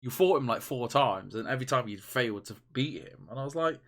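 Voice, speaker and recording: A man co-hosting a casual gaming podcast, telling stories in a rambling, animated way with many restarts. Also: mid-range voice, fast talker. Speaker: podcast co-host. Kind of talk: casual chat.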